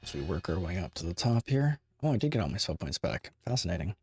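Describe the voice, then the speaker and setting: A man's voice: sits low, very animated, fast talker, darkish tone, husky. A man streaming a game, giving casual, rambling commentary full of asides to his chat.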